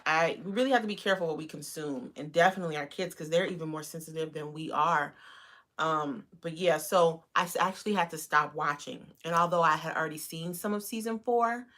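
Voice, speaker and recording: A woman hosting a live stream, chatting casually and rambling with lots of fillers. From United States. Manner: greets viewers in a bright high voice. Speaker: livestream host.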